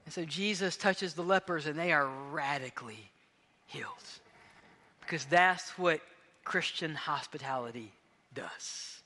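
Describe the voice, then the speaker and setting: A male pastor preaching a sermon in a church, impassioned, swinging between loud emphatic bursts and hushed intimate passages. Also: fairly high pitch, unhurried. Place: church sanctuary. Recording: long reverb of a large hall.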